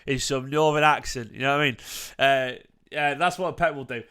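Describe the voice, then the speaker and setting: Man, fan channel host, bright voice, smooth and clear, casual rambling chat. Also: medium pitch, fast talker. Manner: opinionated, rambling with fillers and restarts. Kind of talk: casual livestream football chat.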